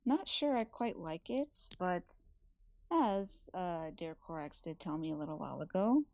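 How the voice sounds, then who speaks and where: A woman plays a dry, teasing older sister with a slightly low voice. The sound is close and dead, with no room around it. Her digs come out with a reproachful edge. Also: lively intonation, a little slow, darkish tone, dry recording. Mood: wry teasing.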